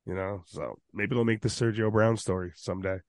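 Sick man with a lowish voice. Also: steady tone, a little fast, no echo, studio quality. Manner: laid-back, conversational. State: sick, losing his voice. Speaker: podcast co-host. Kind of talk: casual podcast chat.

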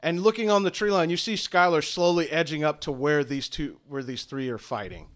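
A man's voice: on the high side, fairly quick, fairly bright tone. A man narrating a tabletop game as game master, describing scenes loosely with fillers.

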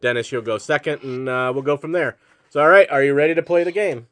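A man's voice: fairly high pitch, fast, fairly bright tone. A man hosting a comedy game segment on a podcast, playful and jokey, laughing often. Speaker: game show host.

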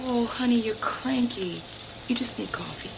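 A woman's voice: a little high, normal speed, creaky, poor audio. An actress playing an obsessive, scorned woman who talks in a sugary, taunting way. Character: obsessive scorned woman, sweet then menacing. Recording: film soundtrack with loud background noise.

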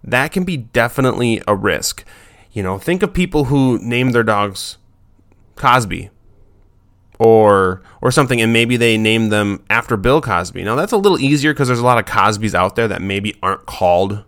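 A man's voice: on the low side, expressive, normal speed, a bit bright. A man giving casual advice about naming dogs, rambling and breaking off his own sentences. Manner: rambling, self-interrupting, loose and informal.

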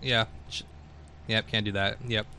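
A man's voice: fairly low pitch, level tone, a little slow, bright, forceful tone, clean tone. A man co-hosting a podcast in a studio, rambling in casual banter and laughing between bites. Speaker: podcast co-host.

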